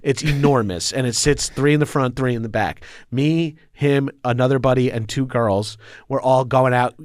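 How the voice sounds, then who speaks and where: Long island guy, rambles and swears, dry close mic, middle pitch. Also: moderate pace, dry recording. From Long Island, New York. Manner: loose, rambling, swears and laughs often. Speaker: podcast guest. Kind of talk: casual storytelling chat.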